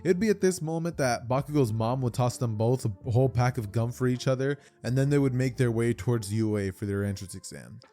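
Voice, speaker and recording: A man's voice: mid-range voice, fairly quick, few pauses, warm tone. A man casually retelling a fan-fiction story, chatty and slangy, often restarting his sentences. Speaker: YouTube storyteller.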